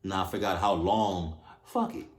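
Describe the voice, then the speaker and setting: Animated low-voiced man in an echoey room. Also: normal speed. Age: 20s. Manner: animated, swears often, bursts of loud exclamation. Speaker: reaction video host. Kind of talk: casual reaction commentary.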